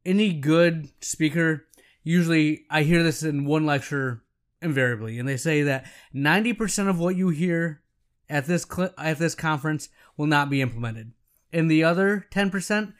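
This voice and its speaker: A man's voice: on the high side, clean tone. A middle-aged man hosting a podcast for optometrists, giving casual business advice in a coaching manner and checking in with "right?" and "okay?".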